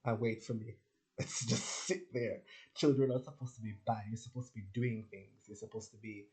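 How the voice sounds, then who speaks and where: A man's voice: fairly low pitch, steady tone, moderate pace, darkish tone, rough recording. A man from Jamaica ranting in a casual monologue, rambling with lots of restarts and swearing. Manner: rambling, profane, frequent "like" and restarts. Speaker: spiritual content creator.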